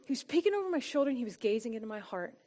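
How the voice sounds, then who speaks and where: A woman sharing a heartfelt personal testimony and teaching at a church gathering, her earnest voice often dropping soft and quiet for emphasis. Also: a little high, very animated, racing. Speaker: church small-group speaker.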